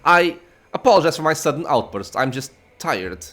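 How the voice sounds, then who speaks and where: A man's voice: a little high, big pitch swings, moderate pace, fairly bright tone. A man reading a weary grieving cleric. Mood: earnest. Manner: earnest, tired. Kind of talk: reading game dialogue aloud.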